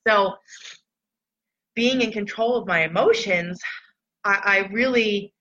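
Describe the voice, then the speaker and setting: A woman with a bright, forceful voice shares personal reflections in a candid, loose way. She talks casually to her followers, and the sound is dull and lo-fi. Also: medium pitch, takes it slowly, pauses often. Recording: dull lo-fi recording.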